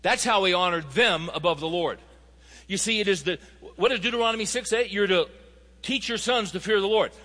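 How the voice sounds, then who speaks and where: A man delivers a sermon in a high, bright voice. He moves through stories and scripture, building to emphatic points. The sound carries a long hall reverb. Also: fairly quick. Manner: storytelling, rising to emphatic appeals. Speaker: pastor.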